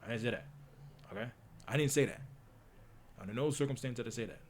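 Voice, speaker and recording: A man's voice: medium pitch, fast, slight background noise. A man reading a story aloud and reacting, joking and stumbling over his words and repeating himself. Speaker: reaction streamer.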